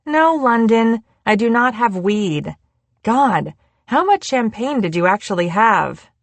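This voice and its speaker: A woman's voice: fairly high pitch, expressive, takes it slowly, no echo, voice pushed up. A woman voicing a bossy, teasing young woman in an audiobook, blunt and wry in her delivery.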